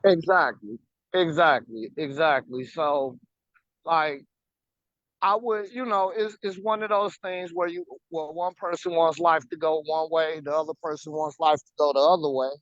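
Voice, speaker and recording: A man's voice: a little high, measured pace, fairly bright tone, dry recording, dull audio. A man co-hosting a casual talk show, speaking emphatically and repeating words for stress. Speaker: podcast co-host. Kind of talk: casual conversation.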